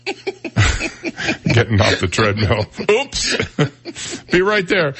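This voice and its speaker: Animated joking radio host, man. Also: on the high side, very slow, pauses often, breathy edge. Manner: animated, joking, laughs often, puts on silly voices. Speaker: radio talk show host. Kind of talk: casual morning radio chat.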